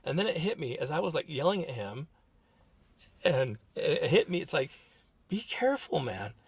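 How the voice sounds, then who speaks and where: A middle-aged man co-hosting a podcast, telling a family story in a casual, animated way and acting out what people said. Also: a little high, moderate pace, vocal fry, slightly rough, dry recording. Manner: animated retelling with acted-out quotes. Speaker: podcast co-host, therapist.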